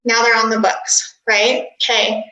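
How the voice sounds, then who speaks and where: A woman coach teaching a workshop, energetic and instructive, often giggling. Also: fairly high pitch, a little slow, reverberant, highs cut off. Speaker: dental practice coach.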